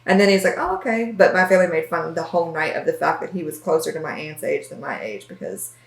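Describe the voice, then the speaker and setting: A young woman with a somewhat low voice chats as a co-host. She tells stories in a giggly, animated way, and the recording has a roomy echo. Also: fast talker, gravelly. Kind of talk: casual chat.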